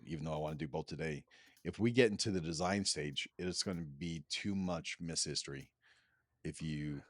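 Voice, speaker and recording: A man's voice: a bass voice, normal speed, fairly bright tone, no room sound. A man co-hosting a business podcast, chatting casually and teasing his co-host. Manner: playful, teasing banter. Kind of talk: casual chat.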